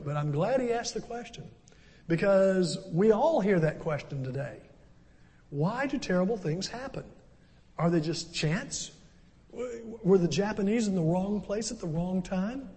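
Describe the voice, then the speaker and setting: A man's voice: high-pitched, dark tone, in a large hall. An older man, a pastor, preaching a sermon and telling stories with conversational asides. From southern United States. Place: church sanctuary.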